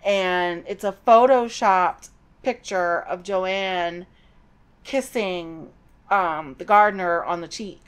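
A woman's voice: lowish voice, slow pace, smooth. A middle-aged woman hosting a podcast, giving a chatty, digressive recap of a novel with personal asides. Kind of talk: casual book recap.

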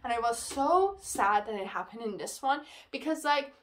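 A woman reviewing books in a casual vlog, excitable and ranting, full of "like" fillers. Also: on the high side, normal speed. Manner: excitable, ranting, heavy use of "like". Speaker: book reviewer. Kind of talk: casual book wrap-up vlog.

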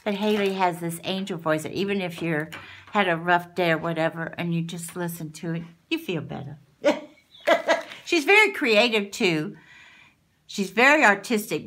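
A woman's voice: medium pitch, sharp tone, slight background noise. A woman, chatting at home as she unboxes crafty mail and gushes over each item. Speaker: craft channel host. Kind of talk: casual unboxing chat.

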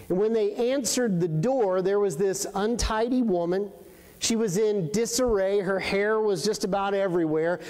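A man preaching a sermon, telling a story and slowing down for emphasis, sometimes asking the congregation questions. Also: high-pitched, darkish tone. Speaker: pastor. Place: church sanctuary. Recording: long reverberant church hall.

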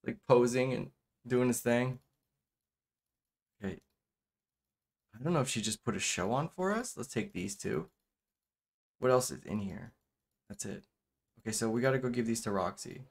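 A man giving casual let's-play commentary, rambling with lots of fillers and repeated "okay.". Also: mid-range voice. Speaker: gameplay commentator.

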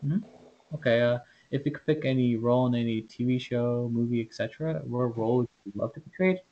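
A man's voice: mid-range voice, brisk, highs cut off. A man hosting a casual interview, asking questions in a hesitant, fan-like way. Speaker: podcast host.

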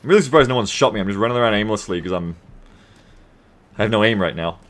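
An Australian man live-streaming a game, bantering with his viewers in a profane, sarcastic and animated way. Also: lowish voice, fast.

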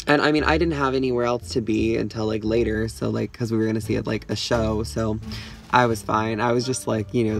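A man's voice: mid-range voice, gravelly. Fields: A man vlogging from a car, telling a story in a rambling way full of "like". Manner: rambling, full of "like", laughs often. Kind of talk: casual storytelling. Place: inside a parked car.

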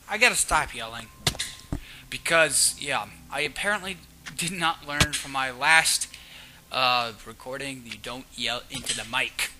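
A man playing a video game and commenting, excitable, often shrieking and yelling at monsters. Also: mid-range voice, measured pace, pauses often, slight background noise. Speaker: let's player. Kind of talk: casual gaming commentary.

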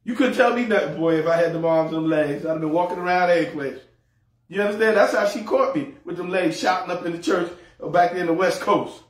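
A man's voice: sits high, fairly quick. A man preaching a sermon as pastor, humorous and folksy, repeating words as he goes. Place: church sanctuary. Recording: echoey hall, mic far off.

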